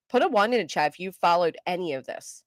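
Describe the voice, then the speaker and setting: A middle-aged woman hosting a live stream, chatting casually with viewers, greeting them by name, and talking fast and loud. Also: on the low side, animated, no echo, clean studio sound. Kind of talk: casual live chat, reading comments.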